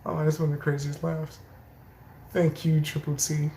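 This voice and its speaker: Man reacting to clips, gravelly voice, stifled wheezy laughs, faint hiss behind. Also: on the high side, normal speed, rough recording. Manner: laughing and wheezing, holding back loud laughter; animated, quotes people mid-story. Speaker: reaction commentator. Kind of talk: casual reaction commentary.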